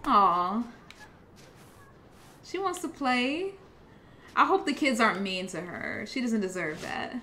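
Jogadora falando devagar e animada. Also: female voice, a little high, lively intonation, slow, long pauses, sharp tone, a little hiss or hum. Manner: chatty, reacts aloud to the game. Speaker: gameplay streamer. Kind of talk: casual let's-play commentary.

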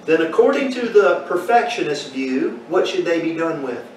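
A man's voice: fairly high pitch, sing-song, moderate pace, a little mellow. A man teaching a Bible class, quizzing his listeners and telling folksy stories. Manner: asks the class questions, folksy storytelling. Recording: echoey room from far off, faint noise.

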